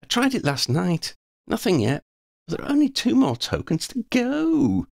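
Eager young wizard, squeaky and bouncy, from a male reader, storybook. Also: wildly swooping pitch, unhurried, vocal fry, darkish tone, no echo, clean studio sound, heavily acted.

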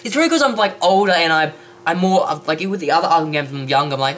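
An excitable woman, gushing and squealing over a let's play. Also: fairly low pitch, racing, a little hiss or hum. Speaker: gaming channel host.

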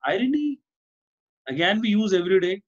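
A man's voice: high voice, sing-song, a little fast, dull audio. A male teacher with an Indian English accent, giving an online class and explaining by repeating himself and asking "Fine?". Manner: explains by repetition, often asks "Fine?".

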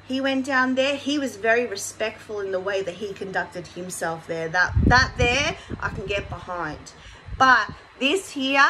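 A woman's voice: fairly high pitch, background noise. A woman hosting a casual commentary vlog, rambling with many fillers and restarts. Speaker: commentary channel host.

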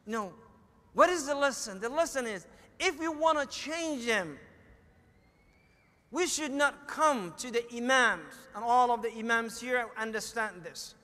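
A middle-aged man with a Somali accent delivers a sermon in an echoey hall, narrating a family story and acting out what people said. His very high voice is bright and forceful, animated but a little slow, with frequent pauses.

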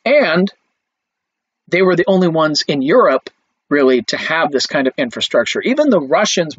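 A man's voice: on the high side, slightly rough, no room sound. A man giving a conversational film history lecture, with many fillers and restarts. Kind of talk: recorded lecture. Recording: dull lo-fi, dry recording.

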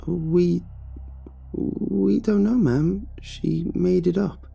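A man's voice: fairly high pitch, big pitch swings, gravelly, mellow, breathy edge, faint music behind, pitched above the performer's own voice, exaggerated voice. A man voicing a nervous, timid young girl who stammers and halts. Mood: flustered. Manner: stammering, halting.

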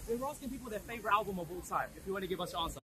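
Man, street quiz asker, high lively voice, rapid upbeat delivery; crowd noise behind. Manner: upbeat, quick questions. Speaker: street interviewer. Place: busy outdoor street.

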